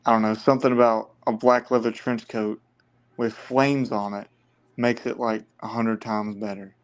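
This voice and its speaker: Easygoing man with a smooth voice. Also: fairly low pitch, little pitch movement, normal speed. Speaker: movie podcast co-host. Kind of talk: casual film discussion.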